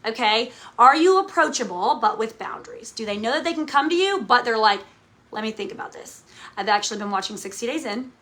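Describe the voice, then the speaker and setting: A woman leading a direct sales team coaches them in a motivational talk straight to camera, recorded on the camera mic. Her high, bright, sharp voice has lively intonation and fast delivery with few pauses, emphatic throughout as she asks "okay?" after each point.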